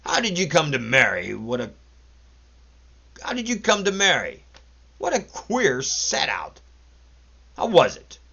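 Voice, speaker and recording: A man reading aloud and voicing a coarse, mocking raftsman who teases loudly. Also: mid-range voice, sing-song, unhurried, vocal fry, highs cut off, pitched above the performer's own voice, exaggerated voice. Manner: boisterous, jeering, cackling. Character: coarse mocking male raftsman, loud and teasing.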